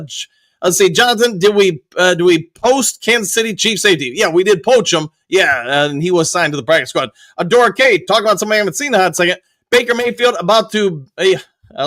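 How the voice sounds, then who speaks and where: A man's voice: sits high, fairly bright tone, no echo. A male host on a live sports stream, upbeat, reading viewer comments aloud and greeting viewers by name. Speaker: show host.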